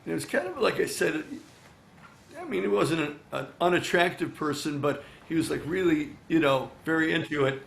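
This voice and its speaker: A man's voice: a little high, normal speed, gravelly, slight background noise. Older man telling stories in a roomy studio. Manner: chatty, animated, acts out quoted dialogue, many "you know" fillers. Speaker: songwriter and musician, interview guest. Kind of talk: casual interview storytelling. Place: his recording studio.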